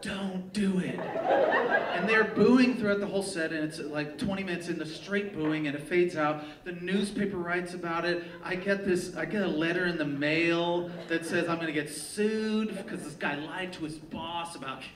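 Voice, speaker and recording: A man telling a personal story live on a theater stage, animated and profane, laughing at his own tale. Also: sits high, normal speed, a crowd in the background. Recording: echoey live theater sound, mic from a distance. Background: audience laughter and room ambience.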